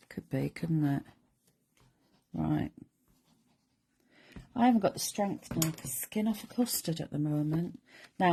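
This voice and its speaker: A middle-aged woman with a low, husky, dark-toned voice and some vocal fry chats with viewers while walking step by step through a papercraft demo. She's a craft demonstrator giving a chatty live crafting session.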